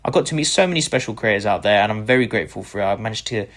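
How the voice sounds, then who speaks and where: A man's voice: on the low side, very fast. A man from the UK, a content creator being interviewed, telling his story with eager gratitude and bringing other people's words to life as he goes. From United Kingdom. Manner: enthusiastic, grateful, acts out quoted people in lively voices.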